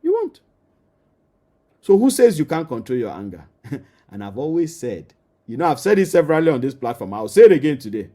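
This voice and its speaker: A man's voice: on the high side, wildly swooping pitch, a little fast, pauses often, dark tone. A man with a Nigerian accent, a marriage counselor giving an emphatic teaching that addresses the listener directly and repeats key phrases.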